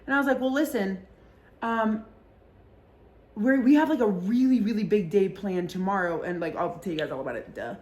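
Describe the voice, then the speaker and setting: A woman's voice: mid-range voice, moderate pace. A young woman hosting a casual chat show, telling a story with lots of swearing and acted-out quotes. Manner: animated, swears a lot, acts out quotes in mocking voices. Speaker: podcast host.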